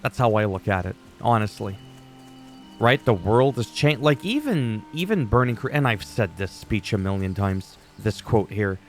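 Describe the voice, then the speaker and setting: A man with a fairly low voice, talks through his gameplay in a loose, opinionated rant. He swears freely and wanders between tangents. Faint game music sits quietly behind him. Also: expressive, moderate pace. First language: French. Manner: ranty, profane, opinionated. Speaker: gaming YouTuber. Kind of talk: casual gameplay commentary.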